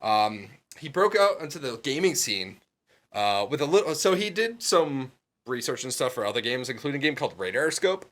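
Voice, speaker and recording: A man co-hosting a casual podcast, animated and laughing often, with plenty of ums and uhs. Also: medium pitch, moderate pace. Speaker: podcast co-host.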